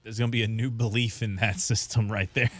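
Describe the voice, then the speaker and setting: A man's voice: fairly low pitch, steady tone, fairly quick. A young man co-hosting a sports talk radio show, laid-back and wry, often laughing, with music behind. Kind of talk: casual sports chat.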